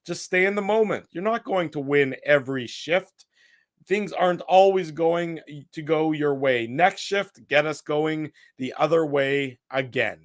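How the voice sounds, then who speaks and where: A man's voice: mid-range voice, dry recording, clean studio sound. Chatty middle-aged man hosting a sports show. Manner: chatty, reads out quotes with asides. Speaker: podcast host. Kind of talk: post-game sports talk show.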